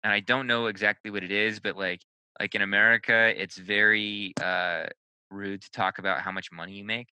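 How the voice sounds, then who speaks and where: A man with a somewhat low, smooth and resonant voice that is very bright talks haltingly, stammering and repeating words as he goes. The sound is dry and close. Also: steady tone, no echo, rough recording. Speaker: podcast co-host. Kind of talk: casual discussion.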